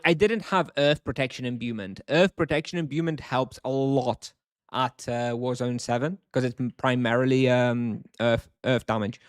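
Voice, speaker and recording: A man in a casual live-stream, talking his way through a game and answering his chat. His voice sits at an ordinary middle pitch. The sound is dry and close, with no room around it. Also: no room sound. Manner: thinks aloud, chatty, answers chat.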